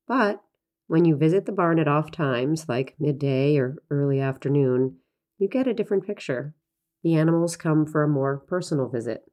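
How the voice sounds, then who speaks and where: A woman farmer narrating a personal essay in an unhurried, reflective reading. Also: low-pitched, a little mellow.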